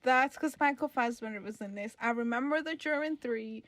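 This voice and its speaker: Woman podcast co-host, native Spanish speaker, animated casual chat, higher voice, dry mic. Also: normal speed, no echo. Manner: animated, acts out quotes with big pitch jumps.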